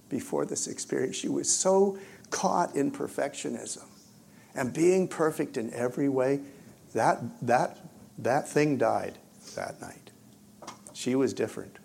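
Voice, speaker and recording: Man, preacher, storytelling sermon, animated, loud to hushed, mid-pitched voice, faint background noise. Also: a little slow, creaky. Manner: animated storyteller, swings from loud excitement to hushed near-whispers. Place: church.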